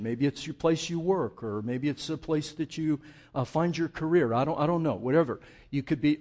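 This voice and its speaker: A male pastor preaching a sermon in a conversational, animated way, asking his listeners rhetorical questions and often restarting his sentences. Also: fairly high pitch.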